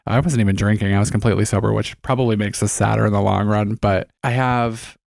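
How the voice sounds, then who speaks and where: A man's voice: on the low side, fairly even intonation, fast talker, vocal fry, a little mellow, dry recording, clean studio sound. A man co-hosting a podcast in casual chat, candid and rambling, often breaking into giggles. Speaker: podcast co-host.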